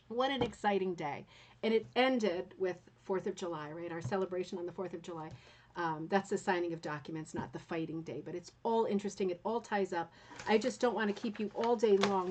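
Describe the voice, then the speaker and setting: A woman's voice: mid-range voice, darkish tone. Woman host, casual history chat to viewers, filler-heavy and conversational. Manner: chatty, many fillers and "right?" asides. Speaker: rug hooking channel host.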